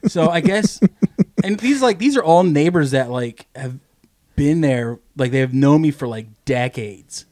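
Profane, lively man telling a neighbor story. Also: unhurried. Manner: profane storyteller, acts out quotes in a high goofy voice. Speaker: podcast co-host. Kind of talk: casual chat.

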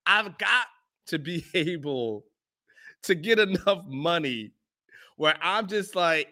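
Bright high-voiced man telling stories. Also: expressive, takes it slowly, pauses often. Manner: loose slangy storytelling, chuckling often. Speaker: podcast host. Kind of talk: casual storytelling chat. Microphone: own microphone on a live stream.

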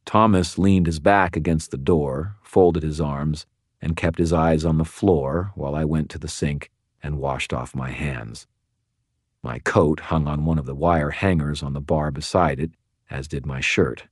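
A man giving measured, even first-person audiobook narration. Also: a bass voice, dry recording, studio quality.

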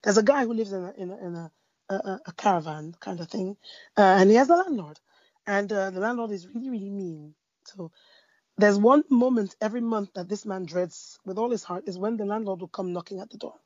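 A woman speaking about faith in a conversation, telling a parable with lively storytelling, fillers and restarts. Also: medium pitch, fairly quick, no echo, muffled recording. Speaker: Christian speaker. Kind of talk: preaching in a conversation.

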